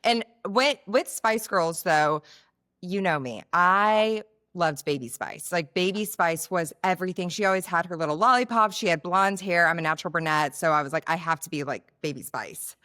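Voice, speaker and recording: Woman podcast co-host, low-pitched, gushing and playful chat. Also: moderate pace, bright, forceful tone. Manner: gushing, playful, lots of fillers. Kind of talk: casual chat.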